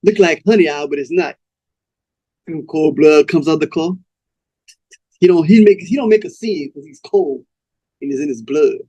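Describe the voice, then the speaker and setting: A man's voice: fairly high pitch, normal speed, pauses often, warm tone, muffled recording. A man hosting a podcast, telling a comic story in a loose, laughing way with stops and starts.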